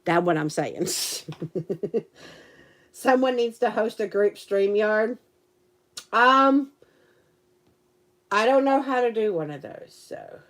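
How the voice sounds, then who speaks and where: A woman's voice: medium pitch, lively intonation, slow, long pauses, fairly bright tone. A woman chatting casually to a live stream audience, giggly and rambling. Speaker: livestream host and teacher.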